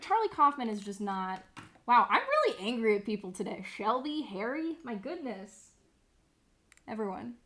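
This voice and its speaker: A woman's voice: a little high, a bit bright. Rambling, sarcastic young woman streamer. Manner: rambling, sarcastic, swears freely. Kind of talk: casual live-stream chat.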